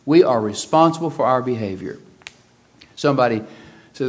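A man's voice: fairly high pitch, lively intonation, normal speed. Man preaching an emphatic sermon. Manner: emphatic, swinging between quiet asides and loud exclamations.

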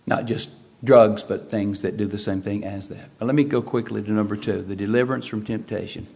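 A man's voice: fairly low pitch, fairly even intonation, a little fast, vocal fry. Man preaching an emphatic sermon. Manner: emphatic, swinging between quiet asides and loud exclamations.

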